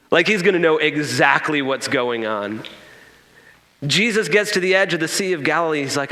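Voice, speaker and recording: Male pastor, fairly high and bright voice, animated storyteller who acts out the quotes, with a long church-hall echo. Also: moderate pace. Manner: animated storytelling, acting out quotes with humorous asides. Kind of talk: sermon. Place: church sanctuary. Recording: echoey church hall reverb.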